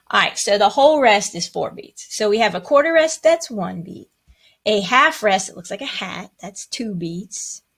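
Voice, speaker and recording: A woman with a medium-pitched voice teaches a music lesson, patiently explaining rhythms. She chants the counting syllables and adds playful asides.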